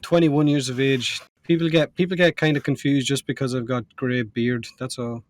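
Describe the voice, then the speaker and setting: A man's voice: mid-range voice, steady tone. A man with an Irish accent telling stories and joking in a casual podcast chat among friends. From Ireland. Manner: storytelling, joking, quick asides. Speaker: podcast co-host.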